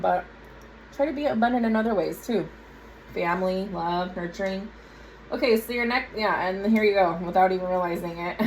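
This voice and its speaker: A woman's voice: mid-range voice, slight background noise, poor audio. A woman giving a casual tarot reading to her viewers, chatty and direct, with frequent asides. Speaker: tarot reader.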